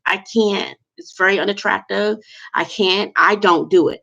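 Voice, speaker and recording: A woman with a gravelly, fry-heavy voice ranting on a livestream, blunt and candid, stalling often with fillers. The audio is muffled and lo-fi. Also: mid-range voice, steady tone, normal speed, sharp tone. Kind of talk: livestream vlog rant.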